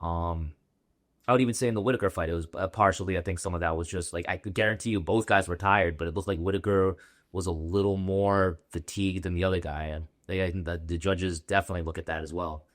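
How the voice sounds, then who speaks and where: Co-host, male, very low voice, rapid rambling delivery, dry close sound. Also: steady tone, dry recording. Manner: loose, rambling, heavy on fillers like "like". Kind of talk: casual fight breakdown chat.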